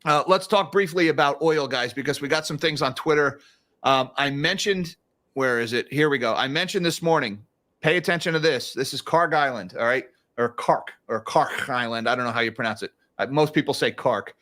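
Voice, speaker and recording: A man's voice: medium pitch, brisk, bright, forceful tone. Chatty, sarcastic man talking markets. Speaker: financial commentary host. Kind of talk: casual livestream market commentary.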